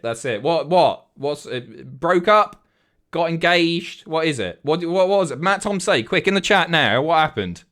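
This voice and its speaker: A man's voice: on the high side, fairly bright tone. A man in his thirties, a streamer chatting casually, sweary and self-mocking as he reads out viewer messages, a bit out of breath.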